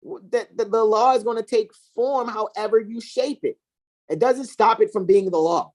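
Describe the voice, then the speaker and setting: Co-hosting a heated, casual discussion, this woman speaks at a moderate pace with a slightly mellow voice. She is emphatic, profane and preachy, her pitch swinging between highs and lows.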